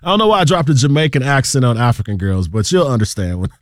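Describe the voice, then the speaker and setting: A man hosting a radio music show, talking in a relaxed, slangy way with frequent ums between tracks. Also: mid-range voice, fast, dry recording, studio quality. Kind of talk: laid-back radio DJ patter. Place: radio studio. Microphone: studio microphone.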